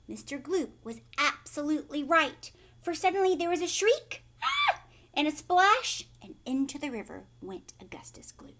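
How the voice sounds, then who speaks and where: A woman teacher reading a chapter book aloud to children, pausing to ask questions in whispered asides. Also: high-pitched, very animated, a bit bright.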